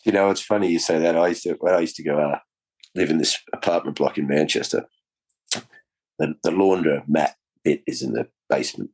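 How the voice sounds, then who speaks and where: A man, a podcast guest, telling animated stories in casual conversation and swearing freely. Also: very deep voice, vocal fry, slightly rough.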